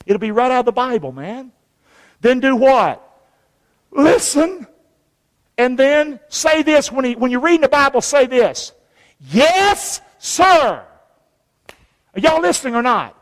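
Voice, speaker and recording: A man's voice: very high voice, lively intonation, moderate pace, long reverb tail. A man, a pastor preaching a sermon with call-and-response to his congregation. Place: church sanctuary.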